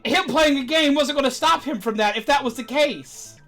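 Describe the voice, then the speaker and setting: Brief: woman streamer, high voice, profane casual rant, faint game music behind. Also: moderate pace. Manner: animated, swearing, laughing ranting. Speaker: streamer host. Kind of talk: casual ranting chat.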